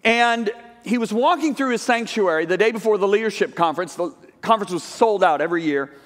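Male guest preacher, higher register, animated storyteller voicing both sides of the dialogue, live church hall reverb. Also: a little fast. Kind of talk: sermon storytelling. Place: large church sanctuary.

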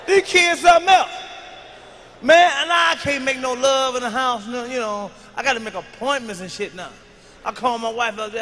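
A man doing a stand-up routine on an arena stage, loud and profane, shouting his punchlines into a handheld mic. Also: very high-pitched, brisk, a little hiss or hum. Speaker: stand-up comedian. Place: large arena stage with live audience. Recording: live arena recording with long reverb.

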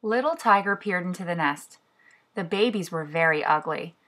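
Preschool teacher reading a picture book aloud. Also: female voice, fairly low pitch, expressive, moderate pace, a bit bright.

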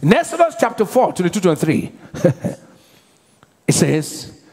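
A man preaching a sermon as pastor, with call-and-response questions to the congregation and bursts of shouted prayer. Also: high voice, very animated, moderate pace. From Nigeria. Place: large church hall. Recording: live church hall reverb.

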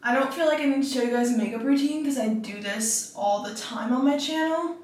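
A woman's voice: high-pitched, brisk, a little mellow, echoey room. A young woman chatting casually into a phone camera, talking about her trip, full of fillers and a little out of breath. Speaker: travel vlogger. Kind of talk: casual vlog chat. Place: hotel room and car.

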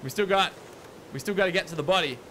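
A man's voice: high-pitched, quick pace, bright, forceful tone, slight background noise. A young man commentating his survival game, panicked and exasperated, repeating himself. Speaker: gaming YouTuber. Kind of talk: let's play commentary.

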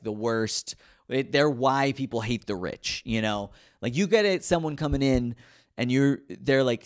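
Rambling, self-mocking man telling stories. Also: medium pitch. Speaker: podcast host. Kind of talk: casual storytelling monologue.

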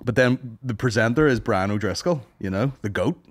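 A man's voice: mid-range voice, normal speed. A young man with a Northern Irish accent, co-hosting a comedy podcast and telling rambling, sweary stories. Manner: rambling storyteller, swears a lot, puts on voices for quotes. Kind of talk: casual banter.

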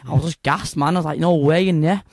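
A young man with a Manchester accent tells his stories with eager, breathless enthusiasm, stumbling and restarting as he goes. His voice sits slightly high, and the sound is close and dry. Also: racing, no room sound. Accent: Northern English, Manchester. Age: young adult. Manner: excitable, rambling with restarts and local slang. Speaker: guest, young fighter. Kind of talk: casual interview chat.

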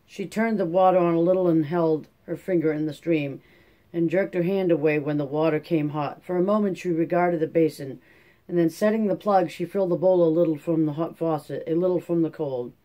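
Mellow-voiced male audiobook narrator. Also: a little high. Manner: steady, measured reading with small slips. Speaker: audiobook reader.

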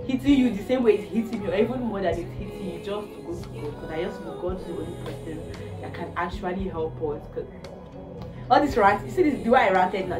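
A young woman, venting in a casual vlog with exasperated, animated talk and bursts of laughter. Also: mid-range voice. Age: young adult. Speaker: vlogger. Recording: roomy, distant phone recording with music.

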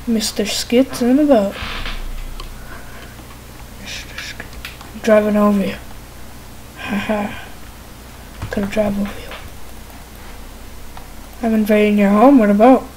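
A woman mutters her way through a game in a relaxed, unhurried drawl. Her tone is mellow and playful, like someone talking to herself at a home computer. Faint keyboard typing ticks along behind her. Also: mid-range voice, slight background noise, poor audio. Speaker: gamer. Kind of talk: casual gameplay commentary.

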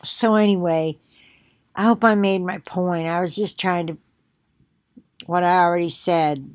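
A middle-aged woman thinking aloud at home, reading scripture between bouts of coughing and musing in a slow, unhurried way. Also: lowish voice, steady tone, no room sound, clean studio sound. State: coughing, choking up. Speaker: video blogger. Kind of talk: casual commentary with scripture reading.

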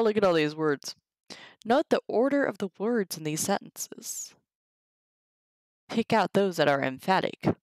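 A woman reading through a Latin textbook on a live stream, sounding out the Latin slowly and chatting casually to viewers between sentences. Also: low-pitched, no echo, rough recording. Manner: reads Latin aloud slowly, chatty asides. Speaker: streamer teaching herself Latin.

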